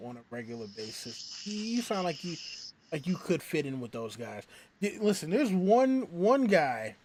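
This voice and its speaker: A man hosting a casual chat, rambling and animated, with many restarts. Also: mid-range voice, background noise. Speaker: show host.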